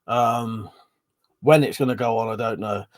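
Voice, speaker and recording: A man's voice: medium pitch, fairly even intonation, a little slow. A man hosting a casual live stream, reading out chat comments, rambling and swearing, short of breath and yawning. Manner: chatty, swearing, reads chat aloud and rambles.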